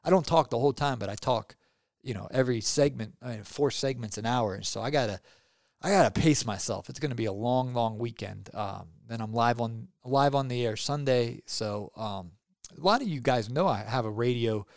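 A man's voice: medium pitch, moderate pace, vocal fry, a little mellow, no echo. A middle-aged man hosting his podcast, talking in a rambling, upbeat, casual way with lots of fillers, close to the mic. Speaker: podcast host. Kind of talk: casual solo podcast outro.

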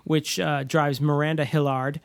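A man's voice: on the high side, level tone, measured pace, vocal fry. A man co-hosting a movie podcast in casual chat, dry and sardonic, swearing freely. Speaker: podcast co-host.

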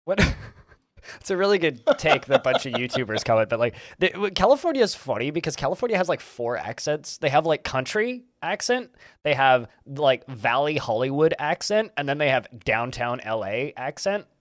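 A man from Canada chatting casually, joking and quick to laugh. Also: medium pitch, big pitch swings, dry recording, studio quality. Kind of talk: casual chat.

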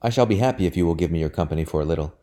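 A man voicing a peevish, anxious young gentleman in a storybook reading, complaining and fretful, low and dark in tone. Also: racing, natural voice.

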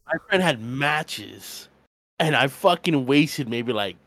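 A man's voice: mid-range voice, slow pace, no echo. Young guy cussing his way thru a podcast story, dry close sound. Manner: swearing, storytelling, animated quoting. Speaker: podcast co-host. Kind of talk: casual chat.

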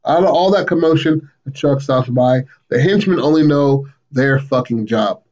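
A man on a podcast recaps a story in loose, casual chat, swinging his pitch up whenever he quotes a character. His mid-range voice comes through muffled, like a poorly checked mic. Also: normal speed. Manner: animated retelling, acts out quotes with raised pitch. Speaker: podcast co-host.

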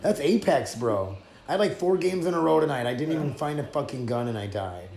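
A man's voice: fairly high pitch, lively intonation, fairly quick, creaky, a little mellow. A man hosting a podcast, chatting casually in a loose, profane, rambling way. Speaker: podcast host. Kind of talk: casual chat. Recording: echoey room.

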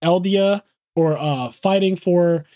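Excited high-voiced man recapping. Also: dry recording, studio quality. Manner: excited, swears freely, rapid run-on retelling. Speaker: podcast host. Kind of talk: casual anime episode recap.

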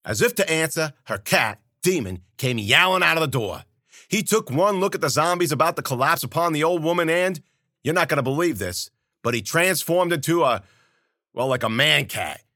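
A man spinning a gritty first-person tale in street slang, turning to the listener with wry asides. His pitch moves a lot and his tone is bright and forward. The mic is close and dry. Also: animated, normal speed, dry recording. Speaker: storyteller and podcast host. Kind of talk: first-person hardboiled storytelling.

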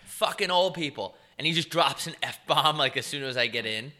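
A man's voice: on the high side, expressive, normal speed, pushed and bright. A young man co-hosting a podcast, telling stories in a laid-back, profane way and mimicking other people's voices. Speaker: podcast co-host. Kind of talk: casual chat.

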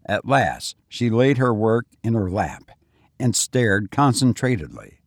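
A man with a husky voice narrating a story aloud, with a lively, rising and falling delivery. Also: fairly low pitch, measured pace, no echo.

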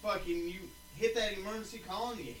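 A man's voice: high voice, steady tone, fast, reverberant, distant mic, a loud crowd, poor audio. A man telling a rambling story in casual chat as a podcast co-host, swearing freely.

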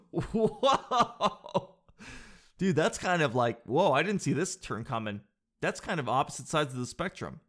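Excitable jokey man, very lively. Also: mid-range voice. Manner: excitable, jokey, says "dude" a lot. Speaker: vlogger. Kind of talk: casual chat reading an article aloud.

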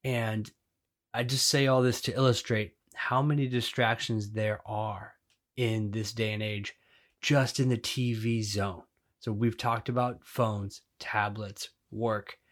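رجل بصوت منخفض قليلاً يدردش بعفوية. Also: male voice, fairly low pitch, fairly even intonation, slow. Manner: joking, conversational. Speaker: podcast co-host. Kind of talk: casual chat.

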